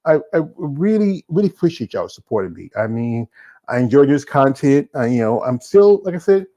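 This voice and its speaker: Fast-talking Southern American man host. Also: mid-range voice, very animated, mellow, highs cut off. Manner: fast talking with many fillers and restarts. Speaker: show host. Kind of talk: casual solo show wrap-up.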